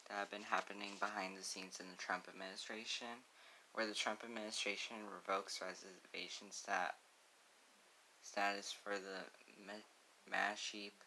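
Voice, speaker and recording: A young man hosting his own channel, reading a news article aloud in a casual, halting way with frequent restarts. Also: low-pitched, pushed and bright, a little hiss or hum, poor audio. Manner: halting, stumbles and restarts on words.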